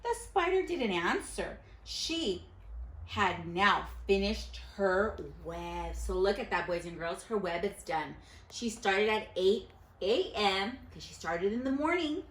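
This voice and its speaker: A woman's voice: medium pitch, roomy sound. A woman teacher reading a picture book aloud to her class, stopping to quiz the children. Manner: animated storyteller who pauses to quiz children.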